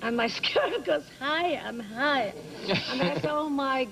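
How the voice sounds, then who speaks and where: Older Hungarian-accented woman, talk show guest; gravelly, dramatic, broken English; faint noise. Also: high-pitched, animated, unhurried. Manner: theatrical, laughing storyteller with broken English phrasing. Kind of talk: animated anecdote telling. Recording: 1980s TV studio audio with background noise.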